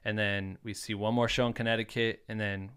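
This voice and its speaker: A man's voice: lowish voice, level tone, a little fast, a bit bright, clear, resonant tone. A man in his thirties from Iowa, a podcast guest telling rambling, swear-filled stories in casual chat. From Iowa, United States. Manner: swears freely, rambling anecdotes full of likes. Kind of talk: casual storytelling.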